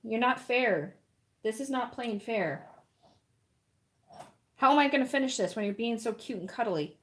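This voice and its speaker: A woman's voice: fairly high pitch, animated, moderate pace, fairly bright tone. A woman chatting casually with her live-stream viewers while she paints, rambling and often laughing and cooing at puppies, indoors at a home.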